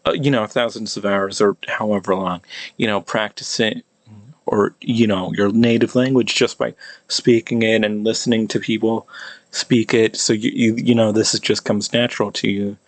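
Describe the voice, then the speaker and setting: A man's voice: on the low side, fairly even intonation, normal speed, dry recording. An American man practicing old pronunciations aloud, repeating each sound many times with a hesitant, restarting manner. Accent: American English. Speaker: language hobbyist teaching pronunciation. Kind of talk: casual pronunciation practice video.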